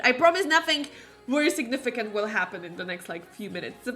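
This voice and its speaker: A woman's voice: fairly high pitch, sing-song, quick pace, sharp tone, faint music behind. A woman streaming a life-simulation game, chatting in a bubbly way and thanking her viewers often. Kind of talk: live-stream commentary.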